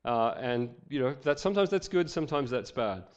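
A man's voice: medium pitch, expressive, fairly quick, dull audio. A male pastor preaching a sermon, reading scripture with voiced quotes and joking asides.

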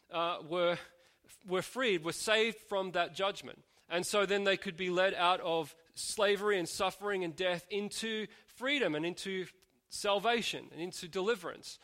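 A man delivers a sermon in a fairly high voice. His tone is bright and clear, and he works through rhetorical questions, often stopping to restart a phrase. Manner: thoughtful, asks rhetorical questions, frequent restarts. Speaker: preacher.

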